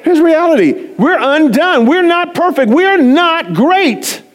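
A man preaching a sermon, animated and chatty, often laughing and poking fun at himself as he talks to the congregation. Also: very high-pitched, slow. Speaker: pastor.

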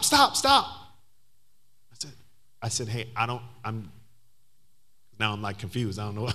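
A man's voice: medium pitch, sharp tone, slightly rough. A man preaching a sermon as pastor, telling a story and building to emphatic, climbing passages.

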